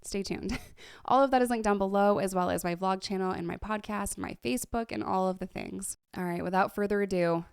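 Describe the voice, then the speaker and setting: A woman's voice: medium pitch, a little fast, vocal fry, a little mellow, clear, resonant tone, dry recording, clean studio sound. A woman in long-term recovery, chatting casually as she reacts to her own old videos, laughing often and sometimes dropping to a whisper. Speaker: YouTuber in recovery.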